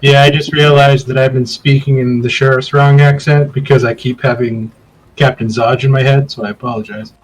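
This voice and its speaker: A man's voice: mid-range voice, level tone, normal speed, slight background noise, poor audio. Jokey man running a tabletop game. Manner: jokey, laughs between lines. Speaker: game master. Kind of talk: casual table chat, laughing often.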